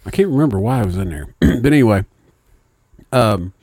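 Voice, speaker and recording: A man's voice: on the low side, animated, brisk, a little mellow. A man co-hosting a podcast, telling stories in a laid-back, profane way and laughing as he goes. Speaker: podcast co-host. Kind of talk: casual storytelling chat.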